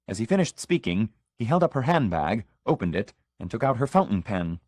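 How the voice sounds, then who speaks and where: A low-voiced male audiobook narrator reads scripted narration in a measured, even storytelling manner. The recording is close and dry, with no room sound.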